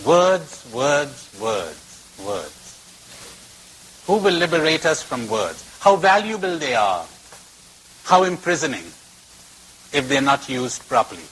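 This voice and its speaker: A man's voice: on the high side, big pitch swings, moderate pace, pauses often, a bit bright, slight background noise, low-quality recording. A man giving a spiritual talk to a retreat audience, telling stories and repeating phrases for emphasis, recorded on old tape. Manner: storytelling with varied emphasis and repetition. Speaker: spiritual teacher.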